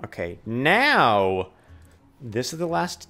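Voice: mid-range voice, huge pitch swings, slow, sharp tone. Exasperated let's play host ranting. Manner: talks to the game as if it were a person. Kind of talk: gaming commentary.

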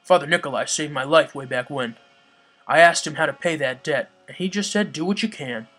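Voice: medium pitch, brisk, a bit bright, soft background music, lightly acted. A gamer reading aloud the game lines of a humble village craftsman, plainly. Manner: plain, matter-of-fact reading.

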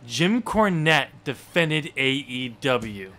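Bright, energetic male podcast co-host. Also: medium pitch, slow pace. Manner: rambling, lots of fillers and restarts. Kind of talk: casual wrestling chat.

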